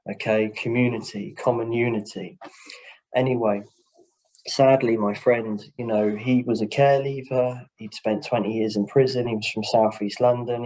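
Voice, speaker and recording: A man's voice: lowish voice, warm tone, poor audio. A man, a social worker, sharing a heartfelt personal story in a webinar discussion over a video call, speaking earnestly and often saying "you know".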